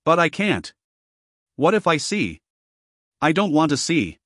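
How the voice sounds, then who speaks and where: A man narrating a first-person fantasy audiobook with expressive storytelling. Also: a little high, measured pace, no room sound, clean studio sound.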